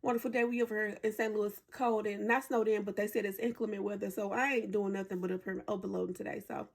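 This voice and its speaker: A woman's voice: medium pitch, steady tone, quick pace, gravelly. A woman in her forties who is losing her voice, giving chatty, slangy, opinionated commentary to her viewers. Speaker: commentary vlogger. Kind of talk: casual storytime commentary. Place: home in winter.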